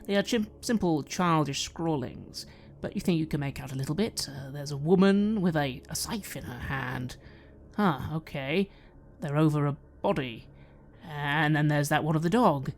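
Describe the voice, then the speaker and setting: A woman's voice: deep voice, normal speed, a little hiss or hum. A woman running a tabletop game as game master, describing scenes and asking players what they do.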